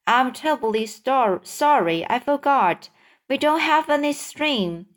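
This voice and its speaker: A woman's voice: high-pitched, lively intonation, measured pace, pitched above the performer's own voice. A woman voicing a hesitant, apologetic young boy in a storybook read-aloud.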